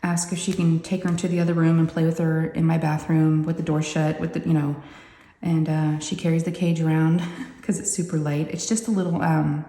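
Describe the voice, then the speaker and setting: A woman's voice: low-pitched, gravelly, warm tone. A woman, hosting a craft vlog and telling a family story in a rambling, chatty way with lots of asides. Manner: rambling and chatty, full of "you know" asides. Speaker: craft channel host. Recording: roomy echoey room.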